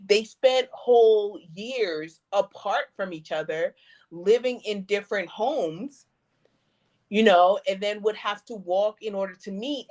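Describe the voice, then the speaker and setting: A woman co-hosting a casual show review, musing in a relaxed, thoughtful way. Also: mid-range voice. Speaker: podcast co-host. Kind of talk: casual chat.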